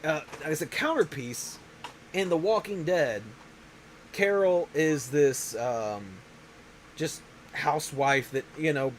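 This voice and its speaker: A man's voice: a little high, a little hiss or hum, rough recording. A man hosting a show, talking in a casual, rambling way, often restarting his sentences. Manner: rambling, self-interrupting. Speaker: show host. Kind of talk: casual chat.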